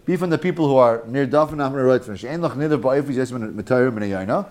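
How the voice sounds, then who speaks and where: A mid-range male voice talks fast while teaching a lively Talmud class. He mixes Hebrew and Yiddish terms and jokes with his students.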